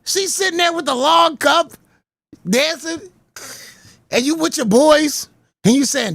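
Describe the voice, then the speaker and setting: A man giving casual livestream commentary, animated, laughing often and stammering over repeated words. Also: extremely high pitch, measured pace, gravelly, pauses often, no room sound.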